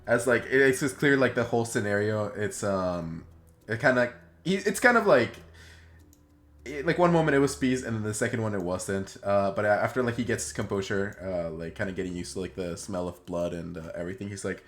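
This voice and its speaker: A man's voice: fairly low pitch, brisk. A man narrating as game master of a tabletop game, rambling with many fillers and restarts.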